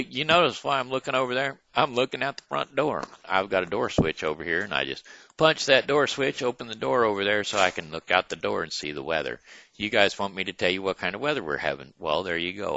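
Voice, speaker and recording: A man hosting his own casual home video show, talking in a folksy, animated way and stumbling over names, recorded at home near his front door. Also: lowish voice, a little fast, no echo, muffled recording. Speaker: host.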